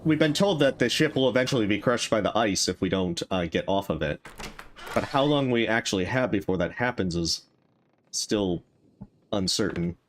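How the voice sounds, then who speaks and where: Brief: male streamer, casual gameplay talk, lively varied pitch, mulling decisions aloud. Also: moderate pace, slight background noise. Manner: thinking aloud, musing over choices. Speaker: streamer playing a game.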